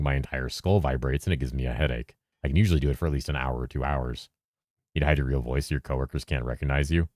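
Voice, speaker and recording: A man with a very deep voice, chatting casually on a game stream, reading messages from chat aloud and answering them with casual swearing. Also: dry recording, clean studio sound. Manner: lively presenter inflection at times, drops into a flatter low voice at other times; talks fast to keep up with chat.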